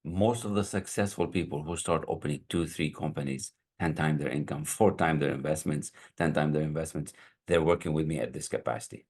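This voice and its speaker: Husky, very deep-voiced man, rambling coach. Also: fairly quick, a little mellow. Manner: casual, rambling, searches for words. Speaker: business coach. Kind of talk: sales pitch to viewers.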